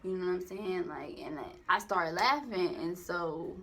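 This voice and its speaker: A woman's voice: on the low side, lively intonation, a little slow, a bit bright, a little hiss or hum. A young woman telling a personal story into a phone camera, rambling and candid with lots of profanity and slang. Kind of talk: casual storytime monologue.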